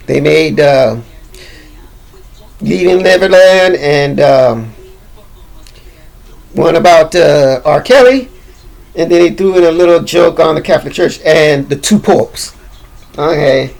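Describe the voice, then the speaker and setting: A man's voice: a little high, vocal fry, a little mellow, poor audio. A man giving loose, profane, rambling commentary full of fillers and restarts. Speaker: commentator recapping an awards-show monologue.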